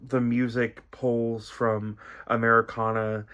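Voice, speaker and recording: Slow, soft-spoken young man reacting. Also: medium pitch, level tone. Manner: soft-spoken, reflective, rambling with many fillers. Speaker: music reaction video host. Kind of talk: casual reaction commentary.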